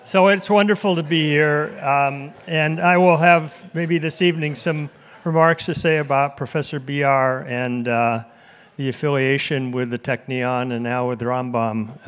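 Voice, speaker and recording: A man in his seventies, an emeritus professor giving a conference talk to a live audience in an auditorium, telling a self-deprecating anecdote in a relaxed way. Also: on the high side, unhurried. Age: 70s. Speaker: guest speaker, emeritus professor.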